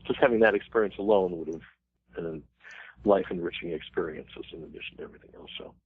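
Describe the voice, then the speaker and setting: A man in his sixties from the United States, a banjo player telling lively anecdotes as an interview guest. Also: sits low, fast. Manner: animated anecdotes with laughs and sung quotes. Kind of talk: casual interview storytelling. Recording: thin phone-like radio line.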